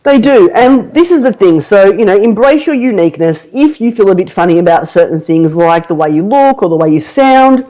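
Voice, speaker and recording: A woman hosting a marketing podcast in casual chat, animated and rambling with fillers, laughing often. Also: medium pitch, a little fast, few pauses, rough recording. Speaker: podcast host, marketing coach.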